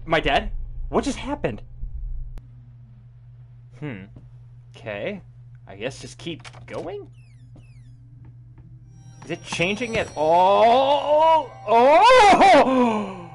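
Young male streamer, horror commentary, high lively voice, easily spooked, swears, laughs nervously. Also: drawn-out words, pauses often, background noise. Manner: jumpy, frequent yelps and nervous laughs, swears a lot. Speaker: game streamer. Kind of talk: live horror game commentary.

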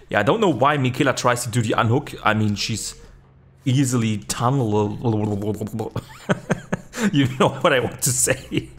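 A man giving live gameplay commentary, excitable, swearing casually, jumping to high yelps when the game gets tense. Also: a little hiss or hum. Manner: swears casually and laughs at himself. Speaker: video game streamer.

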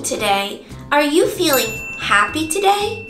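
High sing-song woman teaching toddlers. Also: very animated, takes it slowly. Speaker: preschool teacher. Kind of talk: children's circle time lesson with songs. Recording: echoey room with music behind.

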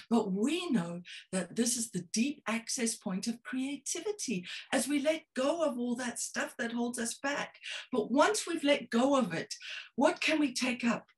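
A woman's voice: on the high side, lively intonation, a little slow. A middle-aged woman leading an online laughter yoga session over a video call, playful and coaxing, laughing often.

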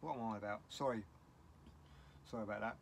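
A man's voice: lowish voice, fast talker, vocal fry, a little hiss or hum. A middle-aged man with a British English accent, talking in a casual vlog, upset and rambling bluntly. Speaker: vlogger.

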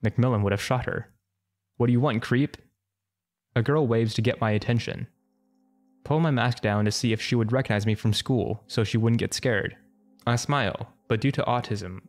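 Man with a wry comedic story narration. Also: lowish voice.

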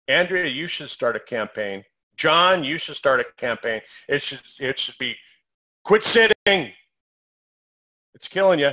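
A man with a fairly high voice talks to listeners on a conference call, working through numbered health points. He hammers his phrases with repetition. The sound is thin and narrow, like a phone line. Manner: emphatic, repeats phrases, lists numbered points. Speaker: doctor hosting a health call.

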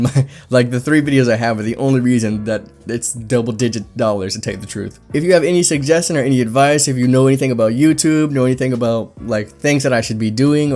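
A man's voice: mid-range voice, a little mellow. A young man with a slight lisp from braces, rambling casually to his viewers as a channel host. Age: young adult. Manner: fast-talking, rambling, lots of "like".

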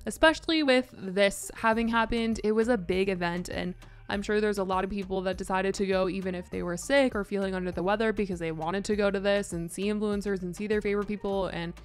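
A woman hosts a gossip commentary show. She talks in a chatty, opinionated way, and her voice comes across smooth and clear. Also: medium pitch, steady tone, a little fast. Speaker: host.

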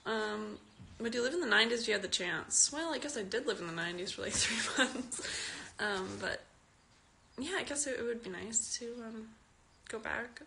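A woman's voice: fairly high pitch, animated, moderate pace, vocal fry, pushed and bright, a little hiss or hum. A fourteen-year-old girl from Canada, giggling and chatting as she reads out and answers fans' questions on a phone live stream. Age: teen.

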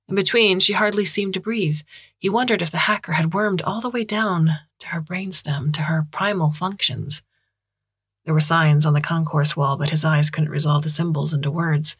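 Low, husky woman narrating a story. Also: fairly bright tone, no echo, studio quality. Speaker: audiobook narrator.

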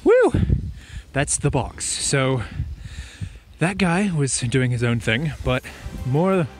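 A man's voice: mid-range voice, slow, background noise. Chatty young man vlogging outdoors. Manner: chatty, excitable, thinks aloud. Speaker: vlogger learning to snowboard. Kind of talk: casual vlog commentary. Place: outdoors on a ski slope.

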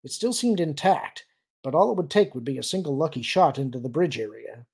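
Man, audiobook narrator, steady, slightly high, husky voice. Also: a little fast. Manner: steady storytelling.

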